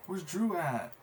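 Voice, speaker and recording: A man running a live trading stream, talking in a somewhat high voice. He is excitable and openly emotional, and he swears freely as he talks. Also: very noisy.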